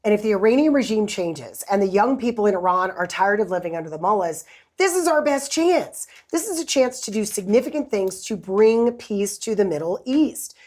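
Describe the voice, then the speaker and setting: A woman's voice: mid-range voice, expressive, normal speed, darkish tone. A woman co-hosting a political talk show, speaking in an earnest, emphatic way. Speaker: co-host.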